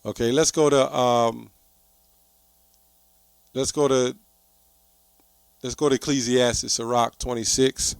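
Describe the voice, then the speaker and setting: A man's voice: mid-range voice, fairly even intonation, slow, gravelly, pauses often, smooth, no room sound. A man giving preachy online commentary, reading scripture aloud in an emphatic, repetitive way that keeps rising into heated outbursts.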